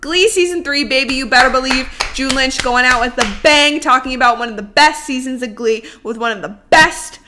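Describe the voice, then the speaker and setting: A young woman co-hosting a podcast in casual chat, giggly and playful, breaking into quick excited outbursts. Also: high-pitched, noisy background. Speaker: podcast co-host.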